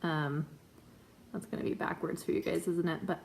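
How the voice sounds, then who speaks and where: A woman's voice: low-pitched, steady tone, moderate pace, creaky, a little mellow, slight background noise. Chatty woman in her twenties. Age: 20s. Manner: chatty, filler-heavy, self-conscious. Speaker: vlogger. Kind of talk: casual chat. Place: home room.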